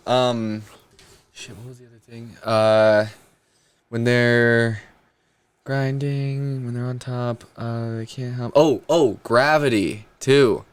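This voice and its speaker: A man's voice: medium pitch, fairly even intonation, slow, smooth. A man hosting a comedy podcast, talking casually in a rambling, crude, self-mocking way. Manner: rambling, self-deprecating, crude, many restarts. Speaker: podcast host.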